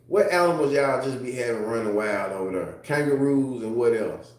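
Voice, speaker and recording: A man talks loosely to his livestream audience in a heavily echoing room, swearing freely and often breaking into laughter. His voice sits at an ordinary pitch for a man, and the talk wanders between stories and reading chat. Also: lively intonation, normal speed, hardly any pauses, darkish tone. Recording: very echoey room.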